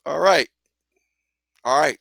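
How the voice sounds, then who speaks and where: A man hosting a live talk radio show who talks in an animated, profane way, laughs often and repeats himself. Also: fairly high pitch, takes it slowly, creaky, no echo.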